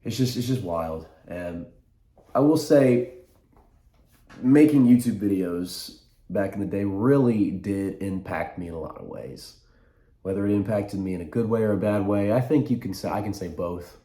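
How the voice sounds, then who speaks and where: A man's voice: lowish voice, normal speed, dark tone. A young man in his twenties talking to camera in a rambling, reflective vlog, often stopping to restart his sentences. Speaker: vlogger. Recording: echoey room.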